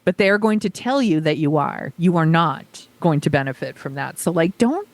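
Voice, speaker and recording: A woman co-hosting a podcast, talking in a fairly low voice with blunt, emphatic opinions and casual swearing. The recording is dry and close, with no room sound. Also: animated, normal speed, no echo. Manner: blunt, emphatic ranting with profanity. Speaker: podcast co-host. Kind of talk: casual chat.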